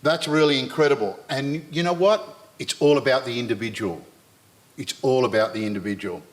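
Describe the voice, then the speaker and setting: A man's voice: medium pitch, a little fast. An Australian man in his sixties, speaking earnestly on a live panel and addressing the audience directly, with frequent repetition. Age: 60s. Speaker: panel speaker and university lecturer.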